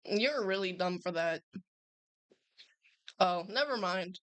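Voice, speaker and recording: Excitable, cursing woman streamer, dry sound. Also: lowish voice, takes it slowly, dry recording. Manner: excitable, swears freely, casual slang. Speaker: livestream host. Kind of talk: casual live reaction chat.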